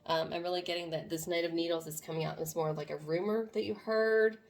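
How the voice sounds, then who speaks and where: A woman's voice: lowish voice, fairly even intonation, brisk, soft background music. A woman doing a casual tarot reading to camera, talking to viewers in an earnest, meandering way. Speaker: tarot reader.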